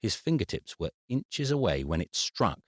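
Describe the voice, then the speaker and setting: A British man narrating a family comedy audiobook, his voice very low yet moving up and down a lot. The recording is close and dry, with no room sound. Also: sing-song, moderate pace, no room sound. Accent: British English. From England. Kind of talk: scripted narration.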